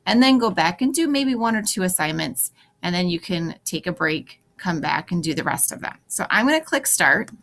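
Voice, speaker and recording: A woman's voice: on the low side, animated, moderate pace, fairly bright tone. A woman teacher recording a tutorial for her students, talking them step by step through each click with practical, encouraging advice. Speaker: French teacher. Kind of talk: screen-recorded class tutorial.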